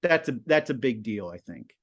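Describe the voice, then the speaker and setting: Chatty middle-aged teacher telling stories. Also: male voice, medium pitch, normal speed. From Pennsylvania, US. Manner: animated storyteller, many fillers. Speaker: TV production teacher. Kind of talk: casual interview chat.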